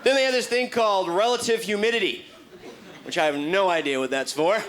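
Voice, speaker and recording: A man's voice: high-pitched, brisk, a bit bright. A man from Texas doing a stand-up set with folksy, wry storytelling. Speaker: stand-up comedian.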